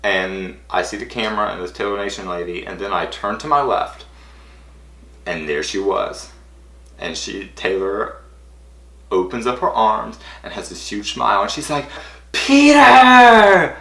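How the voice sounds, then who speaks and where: Excitable young man with a bright voice. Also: fairly low pitch, normal speed, vocal fry. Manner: excited, rambling, full of "like". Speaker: vlogger. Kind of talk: casual storytelling. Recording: roomy echo.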